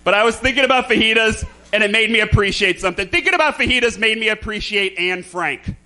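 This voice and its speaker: Guy doing campy standup, slight lisp, high bright voice, talks right at the crowd. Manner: campy, theatrical, quick asides to the crowd. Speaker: stand-up comedian. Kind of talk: live stand-up comedy. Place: comedy club stage with a live audience.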